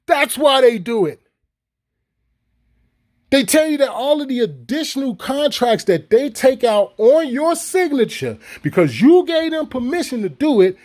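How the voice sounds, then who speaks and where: High-voiced, profane man ranting. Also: a little mellow. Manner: profane, heated, repetitive. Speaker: video creator. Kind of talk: ranting monologue to viewers.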